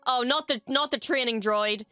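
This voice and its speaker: A woman hosting a reaction video, gasping, laughing and swearing in excitement as she gushes over what she watches. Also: fairly high pitch, moderate pace, clear, resonant tone, no room sound, soft background music. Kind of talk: excited live reaction commentary. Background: faint show soundtrack.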